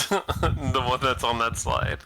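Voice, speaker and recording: A man's voice: mid-range voice, slow pace, creaky, sharp tone. A man co-hosting a podcast in casual chat, joking and laughing often.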